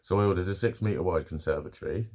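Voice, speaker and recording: Brief: middle-aged bloke vlogging, deep husky voice, sweary and chuckling through his stories. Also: fast, a little mellow. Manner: swearing, laughing storyteller. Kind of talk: casual chat to camera. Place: at home with his dog.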